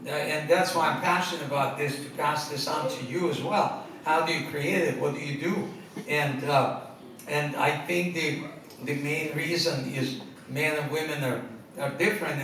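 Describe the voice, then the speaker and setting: A man telling funny personal stories to a live audience, stumbling over restarts and laughing at his own punchlines. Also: on the high side. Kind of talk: humorous personal storytelling. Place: stage before a live audience. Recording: echoey hall, distant mic, loud noise.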